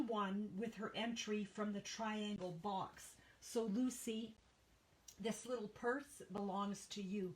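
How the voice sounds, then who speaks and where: Female craft host with an unhurried, chatty delivery and a nagging cough, reading viewer names live from a home studio, faint background hiss. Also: medium pitch, steady tone, rough recording. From Canada. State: coughing, tickle in throat. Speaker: papercraft livestream host. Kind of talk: casual live-stream chat with viewers.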